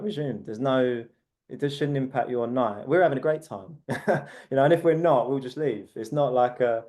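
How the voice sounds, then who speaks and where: A man's voice: medium pitch, dark tone. A man in his thirties, a podcast guest, talking candidly in a rambling way full of "like" fillers. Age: 30s. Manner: rambling, heavy use of "like" fillers. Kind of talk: candid casual conversation.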